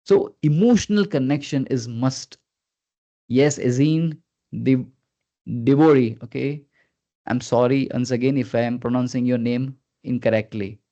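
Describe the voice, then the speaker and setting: A man leading a live online training session as a communication skills trainer, earnest and coaxing, who keeps prompting his listeners and swings his pitch up and down on purpose. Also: unhurried, dark tone. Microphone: video call. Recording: dull lo-fi video call audio.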